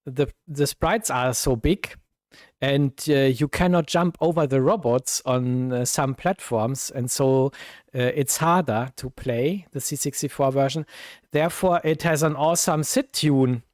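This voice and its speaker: A man with a German accent, chatting slowly while he plays old computer games on a live stream, full of fillers and sudden cries at the game. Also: medium pitch, darkish tone, dry recording, studio quality. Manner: slow, thinking aloud with many fillers, bursts of exclaiming at the game. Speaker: retro gaming streamer. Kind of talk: casual live-stream commentary.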